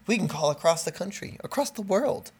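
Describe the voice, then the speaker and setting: A man's voice: high-pitched, lively intonation, slightly rough. A man co-hosting a comedic podcast in casual chat, laughing often and plugging the show's website. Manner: laughs often, plugs the website, slow spelled-out promos. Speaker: podcast co-host.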